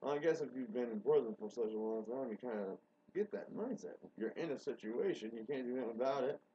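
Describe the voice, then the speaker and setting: A man rambles through a solo show, excitable and foul-mouthed, dropping to mutters and then bursting out loud. His voice is husky and his pitch jumps all over. The recording sounds dull and lo-fi. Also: fast. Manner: excitable, swears a lot, swings from mutters to outbursts. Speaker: show host. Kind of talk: rambling monologue.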